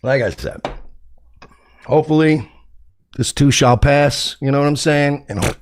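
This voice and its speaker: A man's voice: on the high side, measured pace, slight background noise. A man with a New York accent, talking hesitantly and defensively to his viewers with many fillers. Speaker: streamer in a played clip. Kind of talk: casual monologue to viewers.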